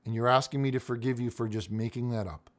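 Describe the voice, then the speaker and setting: A man's voice: medium pitch, fast talker. A man hosting a comedic call-in show, blustery and mocking, often parroting his caller. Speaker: host.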